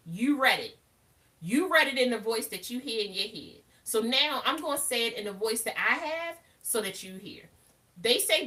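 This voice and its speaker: A woman's voice: mid-range voice, bright, forceful tone, recorded from a distance. A woman hosting a live motivational talk, speaking emphatically and animatedly, often calling her listeners baby. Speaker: live show host.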